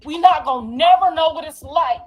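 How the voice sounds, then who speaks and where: A middle-aged woman with a high voice rants with raw emotion, swearing bluntly and hammering her points home through repetition. Faint music plays underneath her. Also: fairly quick, darkish tone. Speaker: mother telling her story. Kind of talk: emotional profane rant.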